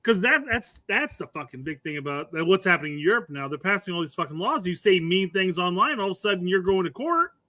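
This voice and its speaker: A man's voice: high voice, expressive, fast talker, few pauses, sharp tone, no room sound. A man co-hosting a soccer podcast, swearing and laughing through casual banter. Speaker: podcast co-host. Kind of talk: casual sports chat.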